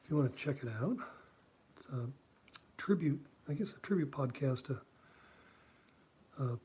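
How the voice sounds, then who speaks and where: A cartoonist streams himself drawing and chats casually, rambling with plenty of fillers and side comments. His voice sits on the high side with a warm tone, and there's a little background noise.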